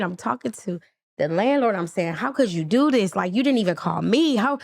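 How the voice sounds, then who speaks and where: A woman's voice: mid-range voice, normal speed, gravelly, dry recording. A woman, a podcast guest, telling her personal story with feeling and acting out the dialogue. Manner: animated, acts out quoted dialogue.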